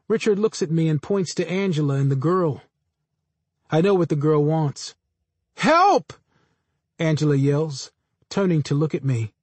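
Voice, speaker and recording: Dry, measured male audiobook narrator. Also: a little high, warm tone, breathy edge, no echo. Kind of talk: first-person literary narration.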